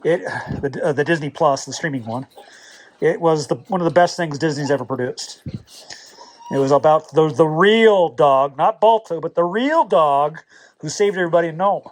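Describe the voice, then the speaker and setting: A man's voice: a little high, moderate pace. A man volunteering at an animal rescue, chatting casually and lovingly to shelter dogs at bedtime, rambling and laughing as he goes. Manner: affectionate, rambling, laughs often, soft night-night goodbyes. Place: animal shelter kennel at night.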